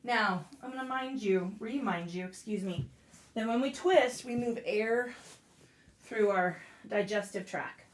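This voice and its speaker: A woman yoga instructor guiding a class out loud, casual and profane, breaking off into blunt joking rants. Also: mid-range voice, unhurried, a little hiss or hum. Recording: echoey room.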